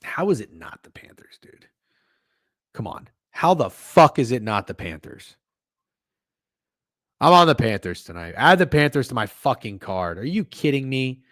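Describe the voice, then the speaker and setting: A man's voice: medium pitch, big pitch swings, normal speed, pauses often, no room sound. Profane sports-betting man ranting, dry sound. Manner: profane, swings from mumbling to loud outbursts. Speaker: sports betting podcast host. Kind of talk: casual livestream rant.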